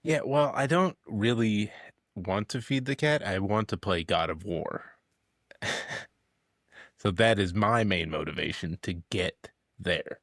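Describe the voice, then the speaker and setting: A young man co-hosting a podcast in casual comedic chat, making dry, deadpan quips. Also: fairly low pitch, a little slow, no echo. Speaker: podcast co-host.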